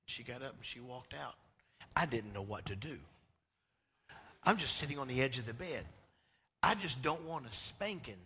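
Pastor, storytelling sermon, bright forceful voice, big reverberant hall. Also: male voice, medium pitch, animated, moderate pace, long pauses, a little hiss or hum. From Georgia, US. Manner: swings from loud to hushed. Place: church sanctuary.

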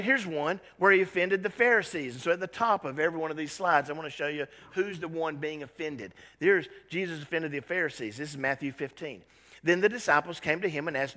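Male pastor, fairly high voice, dramatic and animated sermon delivery, reverberant hall sound. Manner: dramatic, acts out Bible scenes in lively voices.

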